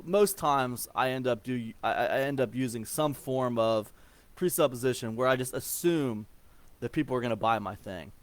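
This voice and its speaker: A man's voice: medium pitch, moderate pace, dry recording. A man in his forties from Ohio, talking casually about email marketing in a rambling way, full of fillers and restarts. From Ohio, USA. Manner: rambling, with many fillers and repeated words. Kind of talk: casual explanatory talk.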